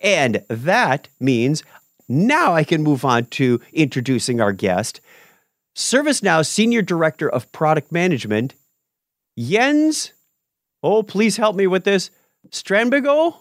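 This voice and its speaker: A man hosting a developer podcast, upbeat and animated, moving from a scripted opening into relaxed chat with guests. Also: fairly high pitch, measured pace, no room sound, clean studio sound. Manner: upbeat, animated, self-correcting. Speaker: podcast host.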